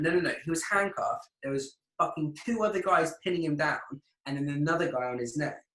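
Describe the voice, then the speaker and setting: A man talks heatedly in a loose podcast chat, swearing freely and tripping over his own restarts. His voice sits somewhat high for a man. The room around him gives off a noticeable echo. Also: brisk, few pauses, a bit bright. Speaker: podcast co-host. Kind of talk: casual chat. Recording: echoey room.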